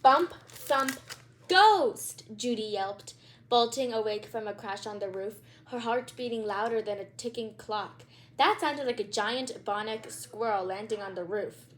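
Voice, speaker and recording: A woman's voice: mid-range voice, fairly even intonation, a little slow, a bit bright, slight background noise. A woman hosting her channel and reading a children's book aloud, with chatty asides and a few stumbles. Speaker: channel host, read-aloud reader.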